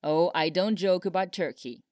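A woman's voice: on the low side, normal speed, a little mellow, no echo, close to an everyday voice. A woman voicing a dry-humored older male president, speaking solemnly with a wry edge, in a storybook reading.

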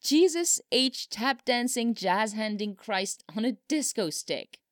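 A woman voicing an excitable young male pop singer who swears in giddy bursts, in a storybook reading. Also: medium pitch, unhurried, no echo, studio quality, pitched above the performer's own voice, natural voice. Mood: overjoyed.

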